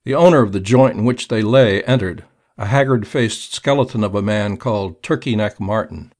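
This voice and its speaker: Guy reading a story aloud, lowish voice, steady and measured. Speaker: narrator. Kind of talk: audiobook reading of a crime story.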